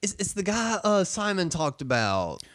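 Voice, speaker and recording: A man from South Carolina with a Southern accent, hosting a casual podcast chat in an animated, profane, joking way. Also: sits high, normal speed, no room sound, clean studio sound. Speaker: podcast host.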